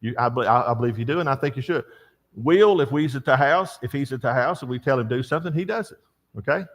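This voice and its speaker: A man's voice: medium pitch, quick pace. An older man teaching a church Bible class, telling stories and asking the class questions. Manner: storytelling, animated, asks the class questions.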